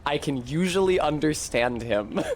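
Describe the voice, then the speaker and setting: A man's voice: a little high, animated, unhurried, slight background noise. A man streaming a video game, giving casual, profane commentary, talking back to the game and to his chat.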